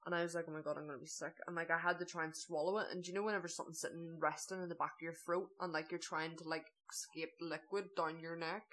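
A young woman, co-hosting a podcast and chatting casually, with plenty of "like" and drawn-out emphasis. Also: fairly low pitch, level tone, a bit bright. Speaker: podcast co-host. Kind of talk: casual storytelling chat.

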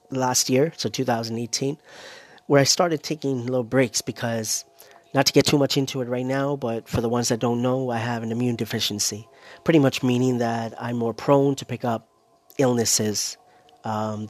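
A man's voice: medium pitch, no room sound. Male content creator, casual solo monologue, loose and rambling, slightly short of breath. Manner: rambling, keeps adding "right?" and "you know".

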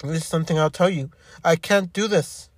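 A man in his fifties talking in an emotional monologue, halting and repeating himself, frustrated and upset. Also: a little high, no echo. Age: 50s.

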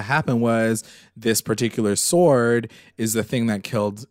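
A man with a somewhat low voice talks through a show recap in a loose, rambling way. He leans on fillers and throws in casual swearing. The sound is dry and close, with no room around it. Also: fairly even intonation, normal speed, hardly any pauses, no room sound. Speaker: podcast co-host.

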